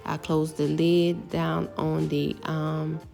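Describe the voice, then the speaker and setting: A middle-aged woman casually talking through her home cooking step by step, relaxed and chatty. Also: low-pitched, slow pace, creaky, faint music behind. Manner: relaxed, step-by-step explaining with fillers.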